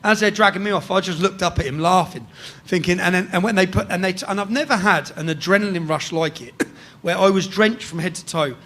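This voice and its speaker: An English man telling a rough story in casual chat, swearing freely and tagging sentences with "yeah?". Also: sits high, fairly quick, fairly bright tone. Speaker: guest storyteller.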